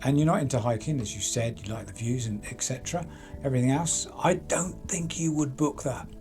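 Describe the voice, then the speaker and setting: A man's voice: medium pitch, brisk, darkish tone, faint music behind. A man hosting a true crime channel, chatting casually and asking pointed rhetorical questions to people he talks about.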